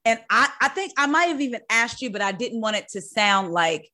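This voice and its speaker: A woman's voice: a little high, animated, a little fast, sharp tone. Woman telling a story in casual chat. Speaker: podcast co-host.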